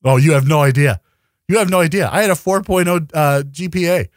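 A man's voice: on the high side, a little fast, dry recording, studio quality. A man co-hosting a podcast in casual chat, ranting and swearing with lots of energy. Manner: animated, profane, ranting. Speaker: podcast co-host.

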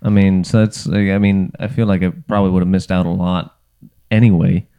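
Man, podcast guest, low voice, warm mellow tone, hesitant, deadpan. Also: brisk, clear, resonant tone, dull audio. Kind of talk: casual chat.

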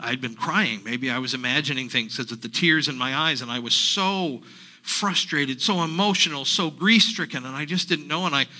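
A man, a pastor, voicing a grieving woman disciple in a first-person dramatic sermon monologue, halting and repeating himself as he retells. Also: mid-range voice, pushed and bright, rough recording. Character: grieving woman disciple recounting the empty tomb.

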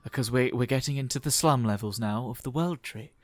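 A man runs a comedy tabletop game as game master. His pitch is middling. He stumbles through restarts and fillers, and the sound is dry and close to the mic. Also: no room sound. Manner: halting, lots of restarts and fillers.

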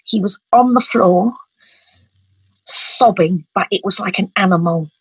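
A woman's voice: medium pitch, measured pace, gravelly, slightly rough, no echo, low-quality recording. A middle-aged woman, telling an emotional personal story as an interview guest in an earnest, vivid way. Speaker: guest, parent advocate.

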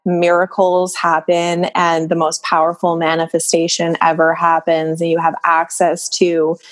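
A woman guest in a candid podcast conversation, speaking in a slow, dreamy, drawn-out way. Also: fairly low pitch, completely flat delivery.

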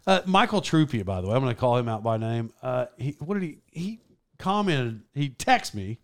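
A man's voice: medium pitch, very animated, moderate pace. A man hosting a casual podcast, chatting loosely, laughing often and restarting his sentences. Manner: laughing, joking, rambling with restarts. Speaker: podcast host. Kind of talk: casual chat.

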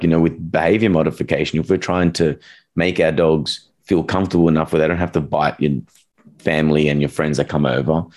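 Man, very deep voice, casual rambling chat, animated storytelling. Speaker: dog trainer, podcast co-host.

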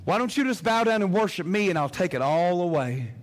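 A man's voice: sits high, lively intonation, a little fast, voice pushed down. A preacher voicing a coaxing male tempter spirit. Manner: urging, insistent, repetitive.

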